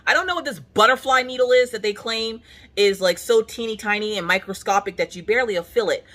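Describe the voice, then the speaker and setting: A woman's voice: medium pitch, lively intonation, brisk, pushed and bright. A young adult woman in a casual at-home chat, telling a story in a dramatic, comic way and acting out the people in it. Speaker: craft vlogger. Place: at home on a couch.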